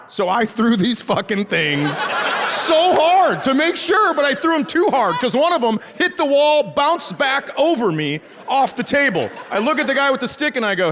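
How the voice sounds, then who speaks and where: A man's voice: very high-pitched, moderate pace, a little hiss or hum. A middle-aged man from northern Minnesota telling stand-up stories on stage, acting out the voices in his stories and punching the lines hard. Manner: animated storyteller, acts out voices, shouts punchlines. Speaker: stand-up comedian. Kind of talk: stand-up comedy storytelling. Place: large theater stage with laughing audience. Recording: live hall reverb with crowd laughter.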